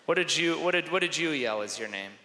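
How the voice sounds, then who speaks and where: A man doing stand-up comedy with crowd work, animated and self-mocking, on stage before an audience. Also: fairly high pitch, fast, slight background noise. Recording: echoey hall, live stage.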